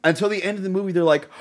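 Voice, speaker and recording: A man co-hosting a casual movie review podcast, animatedly retelling scenes and acting out lines. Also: high-pitched. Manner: animated storyteller, acts out scenes. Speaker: podcast co-host.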